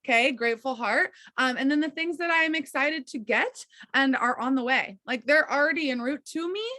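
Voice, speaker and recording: A woman's voice: sits high, fairly quick, pushed and bright, dry recording. A young adult woman leading a team coaching session over a video call, talking in an encouraging, chatty way with lots of fillers and check-ins with her listeners. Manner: encouraging, chatty, many fillers and "okay, you guys".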